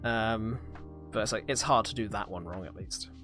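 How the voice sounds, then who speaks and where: A man's voice: lowish voice, moderate pace, fairly bright tone, faint music behind. A young British man hosting a live-streamed podcast, chatting casually and rambling through a review with lots of fillers and hesitations. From Britain. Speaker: podcast host reviewing a series.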